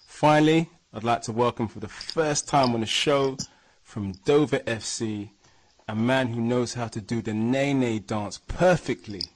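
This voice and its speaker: A man's voice: mid-range voice, a little slow. Laughing man hosting a podcast. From England. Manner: laughing, hyped banter. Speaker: podcast host. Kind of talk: casual sports podcast chat.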